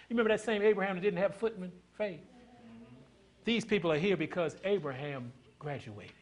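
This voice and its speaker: A man preaching a sermon, swinging from loud declarations to hushed asides and calling questions out to the congregation. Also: sits high, a little fast.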